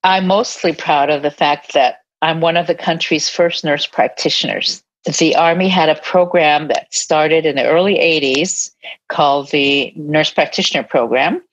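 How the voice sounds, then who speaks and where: An older woman, a retired army nurse, telling her life story in an interview in an earnest, reflective way with soft laughs now and then. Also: low voice, moderate pace. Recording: dull lo-fi sound.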